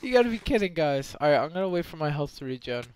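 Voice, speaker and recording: Excitable young man screaming at a game. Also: fairly high pitch, fast, clean tone. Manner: excitable, yelps and screams when in danger. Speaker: gameplay commentator. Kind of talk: game commentary.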